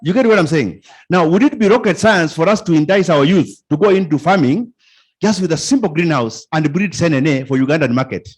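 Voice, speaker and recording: Kenyan guy at a conference, husky voice, kinda high, keeps asking the crowd stuff. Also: fairly quick. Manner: animated, asks the audience questions, repeats phrases. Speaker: conference speaker. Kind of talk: informal conference talk.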